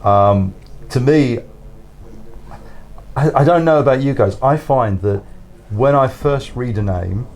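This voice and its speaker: A man's voice: medium pitch, expressive, slow, a little mellow. A man answering interview questions as a guest author in a studio, thoughtful and rambling, often repeating words and laughing.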